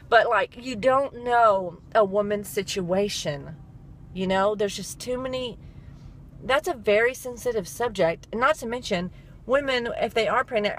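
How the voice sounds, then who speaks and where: A woman's voice: medium pitch, fairly bright tone. A young woman with a stuffy nose, rambling through a story in a casual vlog and laughing along the way. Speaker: vlogger.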